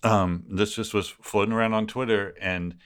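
Man, very low voice, podcast co-host, casual rambling chat, swears freely. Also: steady tone, normal speed, fairly bright tone, clean tone.

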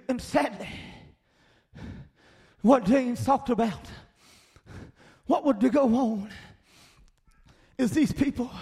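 A man preaching a sermon with a Southern Appalachian accent, rising into shouted emphasis and punctuating his points with "Amen" and "Hello.". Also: very high voice, vocal fry. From American South. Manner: fiery preaching that swells into shouts, with frequent call-outs of "Amen" and "Hello".

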